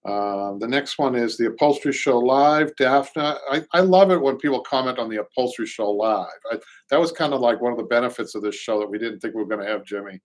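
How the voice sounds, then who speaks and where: A man's voice: mid-range voice, a little fast. A middle-aged man with a Boston accent hosts a live show in casual chat, rambling and reading viewer comments aloud. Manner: rambling, repeats words, reads comments aloud. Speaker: show host, upholsterer.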